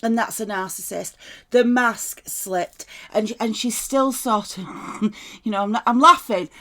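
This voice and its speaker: A woman talking through a tarot reading in a loose, conversational way, with a gravelly fry in her voice. She keeps checking in with her listener and drops swear words without a pause. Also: mid-range voice. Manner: chatty, keeps asking "right?", swears freely. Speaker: tarot reader. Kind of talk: casual spoken tarot reading.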